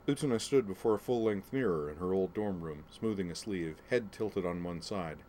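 Low-voiced male audiobook narrator. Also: normal speed, hardly any pauses, warm tone, slight background noise.

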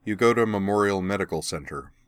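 Male narrator, audiobook reading, low voice, dry close recording, steady delivery. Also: fast, smooth, no room sound. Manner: steady, even storytelling. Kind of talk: audiobook reading of fan fiction.

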